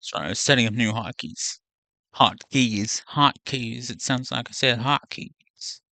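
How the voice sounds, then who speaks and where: Gravelly, swearing gaming streamer guy. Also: medium pitch, lively intonation, normal speed, pushed and bright, dry recording. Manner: rambling, profane, self-correcting. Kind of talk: casual gaming livestream chat.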